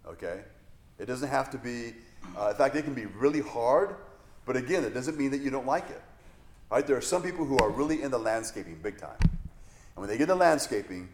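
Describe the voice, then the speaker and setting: A male pastor teaching a Bible study in a relaxed, conversational way, wandering into self-deprecating asides. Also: medium pitch, slight background noise. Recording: echoey room.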